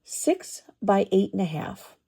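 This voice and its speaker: A woman hosting a papercraft tutorial, talking through each step in an unhurried, think-aloud way. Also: mid-range voice, very animated, warm tone, breathy edge. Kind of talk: craft tutorial demonstration.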